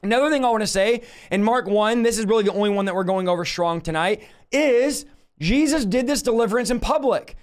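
A man with a notably high-pitched voice delivers a livestreamed teaching sermon. He preaches in a forceful, emphatic way and breaks into sudden rebukes. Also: fairly quick.

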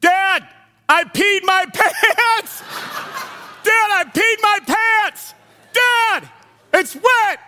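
A man voicing his five-year-old son who yells across a plane without realizing how loud he is. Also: very high voice, expressive, extremely slow, long pauses, background noise, voice pushed up, exaggerated voice. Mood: panicked yelling. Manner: yelling, unaware of his own volume.

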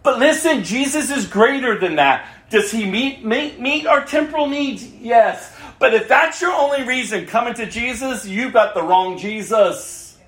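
A woman's voice: on the high side, expressive, unhurried, hardly any pauses. A woman preaching a sermon with passion, repeating phrases and acting out the voices of people she quotes. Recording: echoey room.

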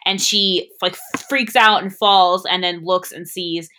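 A woman co-hosting a casual movie discussion, animated and jumping up in pitch when she acts out scenes. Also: a little slow, slight background noise. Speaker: podcast co-host.

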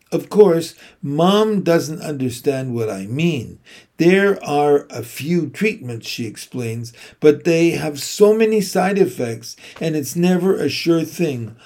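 A man reading a children's novel aloud in first person, slow, even and reflective. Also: a little high. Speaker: audiobook narrator. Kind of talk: scripted first-person narration.

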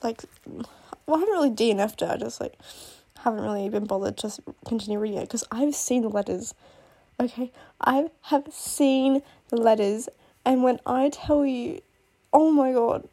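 A young woman vlogs casually about her favourite books, gushing and rambling with endless fillers. Her voice sits a little high and is soft and mellow in tone. She is sick and coughs now and then. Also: moderate pace. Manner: gushing and rambling, full of "like" and "oh my god". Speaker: book vlogger. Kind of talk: casual chat.

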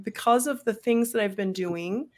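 A woman energy healer talking calmly and earnestly about healing and opening the heart. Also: a little high, moderate pace. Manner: calm, earnest, explains at length. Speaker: energy healer and spiritual coach. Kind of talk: casual spiritual chat.

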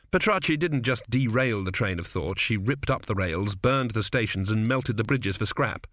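A man narrating a comic fantasy audiobook in a wry, expressive storytelling manner. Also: lowish voice, normal speed, few pauses, dry recording, studio quality. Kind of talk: scripted narration.

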